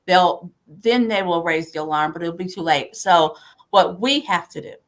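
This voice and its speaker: A woman's voice: on the low side, moderate pace. Emphatic woman rallying supporters. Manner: emphatic, repeats rallying phrases. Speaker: party chair hosting a livestream. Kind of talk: rallying political talk.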